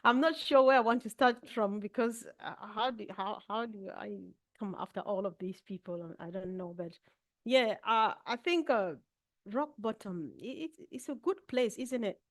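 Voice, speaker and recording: A woman's voice: on the high side, moderate pace, dry recording. A woman speaking as a panel guest, giving a candid, reflective personal testimony with frequent restarts.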